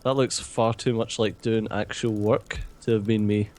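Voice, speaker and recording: A man's voice: on the low side, flat delivery, moderate pace, a little mellow. A man with a Glaswegian Scottish accent, chatting casually as a co-player in a gaming session, teasing and dry. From Scotland.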